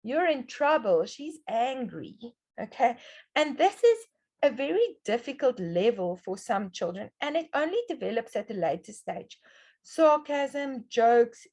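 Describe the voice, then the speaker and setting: A woman's voice: a little high, a little mellow. A middle-aged woman presenting a webinar lesson on children's reading. She explains step by step and often checks in with "okay".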